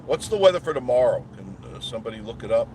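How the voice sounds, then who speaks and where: A man's voice: mid-range voice, sing-song, fast talker. A man hosting a live stream from his car, chatting with viewers in a rambling, folksy way. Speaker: channel host. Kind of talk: live-streamed driving chat. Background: car and road noise.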